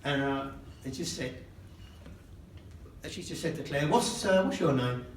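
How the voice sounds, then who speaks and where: A man's voice: a little high, a little slow. Older guy doing a father of the bride speech, jokey, laughs at himself, echoey far-off hall recording. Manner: joking and self-mocking, laughing between lines. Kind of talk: wedding speech. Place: wedding reception hall, indoors. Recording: echoey hall, distant and noisy.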